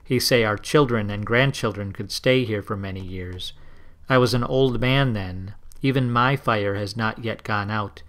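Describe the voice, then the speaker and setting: A man's voice: fairly low pitch, unhurried, a bit bright. A man reading the part of a proud old male tribal elder who speaks in broken, simple English. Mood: protesting.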